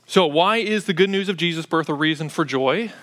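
Bright-voiced man preaching a sermon. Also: fairly high pitch, a little fast. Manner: conversational preaching with frequent "uh" fillers. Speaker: pastor. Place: church.

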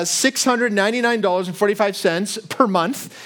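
A pastor preaches in a relaxed, conversational way, weaving in funny stories about himself. His voice sits high for a man. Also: normal speed. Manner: conversational storytelling with self-deprecating humor. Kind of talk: sermon.

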